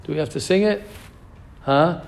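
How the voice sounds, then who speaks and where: A rabbi teaching an informal Torah class, animated and questioning his students, mixing in Hebrew terms. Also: on the high side, moderate pace, gravelly.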